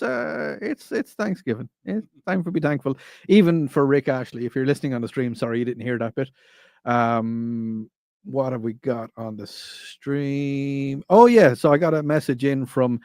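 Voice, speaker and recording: Man, radio host, joking, loose, dry studio sound, middling pitch. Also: a little mellow, no echo. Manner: jokey, laughs easily, loose and rambling. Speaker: fill-in radio talk show host. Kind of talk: casual talk radio. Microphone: studio microphone.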